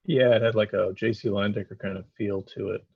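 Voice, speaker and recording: A man's voice: lowish voice, fairly even intonation, a little fast, vocal fry, breathy edge, no room sound, highs cut off. A man co-hosting a live painting stream, chatting casually and rambling through painting technique with lots of fillers. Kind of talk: casual chat while painting.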